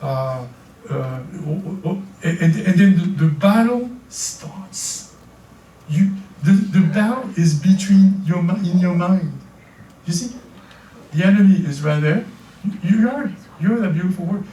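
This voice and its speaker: A man's voice: high-pitched, lively intonation, measured pace, warm tone. An older man with a French accent, preaching a sermon as pastor, often stammering and repeating words as he restarts. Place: church hall. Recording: echoey church from far off.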